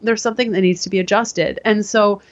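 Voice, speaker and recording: A woman speaks as a guest in a casual interview, telling a long personal story with lively energy and quick switches into the voices of the people she quotes. Her voice is medium in pitch. The sound is a bit dull and lo-fi. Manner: animated, acts out quoted voices.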